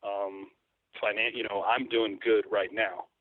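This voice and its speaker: A man with a lowish voice calls in to a talk show, rambling through his thoughts with lots of fillers and restarts. The sound is thin and phone-like, and dry, with no room around it. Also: flat delivery, a little slow, no room sound. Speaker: guest, hunting photographer. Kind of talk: casual interview over the phone. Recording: tinny phone line.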